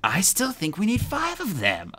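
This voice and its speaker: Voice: mid-range voice, sing-song, normal speed, fairly bright tone, faint music behind. An audiobook reader voicing Webbs, an uneasy, reluctant adult male dragon. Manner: uneasy, snappish.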